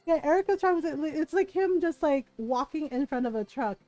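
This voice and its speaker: A woman's voice: high-pitched, expressive, fairly quick, warm tone, faint music behind, poor audio. A woman livestreamer chatting casually while gaming, rambling through stories with many fillers and frequent laughter.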